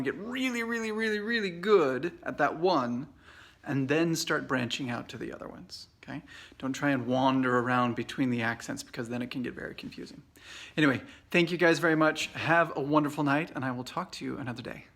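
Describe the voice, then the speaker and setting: A man in his forties with an American accent, giving an informal English lesson in a relaxed, chatty way full of fillers and restarts. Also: medium pitch, brisk, creaky. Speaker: English teacher. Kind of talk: casual video lesson. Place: away from home at a conference trip. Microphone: Facebook Live video.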